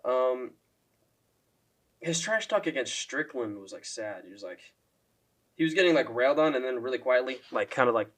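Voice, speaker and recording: A young MMA YouTuber rants casually while ranking fighters, cursing often, leaning heavily on "like," and throwing in mocking impressions. His voice is medium-pitched and fairly bright, with lively intonation, normal speed, and frequent pauses.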